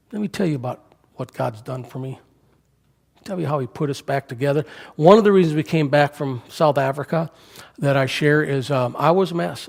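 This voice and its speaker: A man's voice: mid-range voice, gravelly, darkish tone. An older man preaching a storytelling sermon, speaking conversationally and asking the congregation questions, recorded in a church sanctuary. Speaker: guest preacher. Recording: reverberant church hall.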